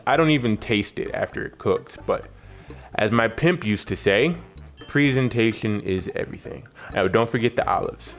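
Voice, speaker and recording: A man from New York narrating a cooking tutorial with wry, joking asides. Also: fairly low pitch. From New York, United States. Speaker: cooking channel host.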